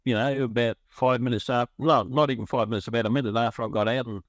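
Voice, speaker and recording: A middle-aged man tells his story in a loose, rambling way, circling back and restarting his sentences as the feeling catches up with him. His voice sits at an ordinary pitch for a man. The recording is close and dry, with no room sound. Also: steady tone, fast, dry recording. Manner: rambling, emotional, frequent restarts. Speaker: guest sharing his recovery story. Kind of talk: personal storytelling.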